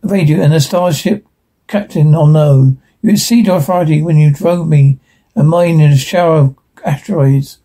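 A man reading the part of a roguish, smooth-talking male space trader in a wheedling way. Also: fairly high pitch, normal speed, mellow.

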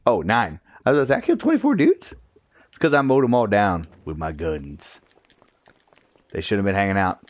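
Jokey male streamer, swooping lively pitch. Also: brisk, pauses often, dry recording, muffled recording. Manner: jokey, swears, talks to himself and teammates. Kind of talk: live gameplay commentary.

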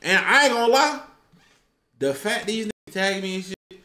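Bright-voiced laughing man in an echoey room. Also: sits high, animated, normal speed. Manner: loud, laughing, slangy banter. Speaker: co-host reacting to clips. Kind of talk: casual livestream reaction chat.

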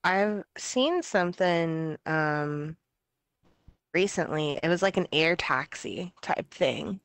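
A woman's voice: deep voice, lively intonation, slow pace. A woman co-hosting a casual podcast, echoing the others and chiming in with her own stories. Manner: echoes the others, easy laughter. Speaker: podcast co-host. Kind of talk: casual chat.

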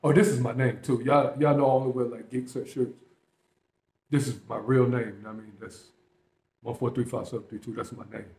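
A man's voice: mid-range voice, steady tone, fairly quick, darkish tone. Slangy man hosting a reaction video. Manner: slangy, emphatic, talks straight to viewers. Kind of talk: casual reaction commentary. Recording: echoey room.

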